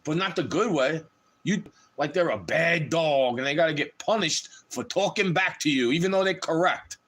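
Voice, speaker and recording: A man's voice: fairly high pitch, animated, moderate pace, fairly bright tone. A man on a livestream delivering a heated, profane rant straight to his audience.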